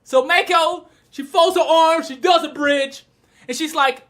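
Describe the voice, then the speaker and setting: Excitable young woman with a bright voice. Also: very high-pitched, a little slow. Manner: animated, excitable, breaks into shouts; slangy, retells scenes with quoted lines. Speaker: manga reviewer. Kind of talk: casual video review.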